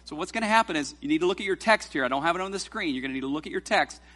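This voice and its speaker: Preaching in the sanctuary, the pastor's bright, somewhat high male voice stays animated as he reads scripture slowly and deliberately. He then lightens up, teasing the congregation as he coaches them through responsive reading.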